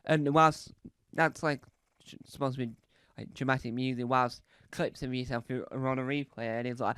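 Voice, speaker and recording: A man's voice: mid-range voice, steady tone, normal speed, fairly bright tone, clear, resonant tone, no room sound, clean studio sound. A male comedian telling a rambling comedy monologue, full of restarts, asides and "right?" check-ins. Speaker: stand-up comedian.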